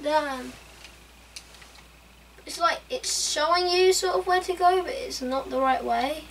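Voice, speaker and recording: Excitable woman playing a racing game, unhurried, sounds a bit far from the mic. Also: high-pitched. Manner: excitable, laughing and exclaiming. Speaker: gameplay streamer. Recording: mic a bit far off, faint room noise.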